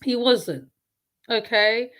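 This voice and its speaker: A woman's voice: a little high, takes it slowly, a bit bright. Blunt, rambling woman reacting to a clip. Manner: blunt, rambling, repeats herself. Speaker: reaction commentator. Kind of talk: casual reaction commentary.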